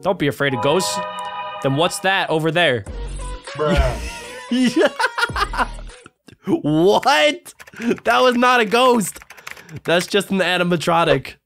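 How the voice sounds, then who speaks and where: Man, high voice, excitable reaction host, shouty bursts, music underneath. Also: takes it slowly, long pauses. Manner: excitable, jumps to shouting and laughs often. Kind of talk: gaming reaction commentary. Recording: music playing clearly underneath.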